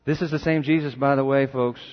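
A man preaching a sermon in a lively, conversational way, often asking his listeners questions. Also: mid-range voice, fairly quick. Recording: dull muffled recording.

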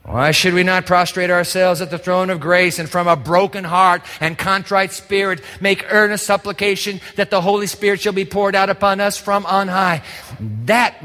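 A man's voice: high voice, sharp tone. A man preaching a sermon as pastor, pleading and asking the listeners questions. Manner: impassioned preaching with rhetorical questions. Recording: long reverb of a large hall.

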